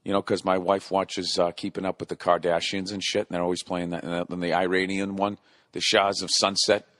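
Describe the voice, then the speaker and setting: A man's voice: low-pitched, flat delivery, a little fast, fairly bright tone, no echo, studio quality. A man in his forties hosting a solo comedy podcast, ranting profanely and rambling, scolding himself back on topic. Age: 40s. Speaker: podcast host.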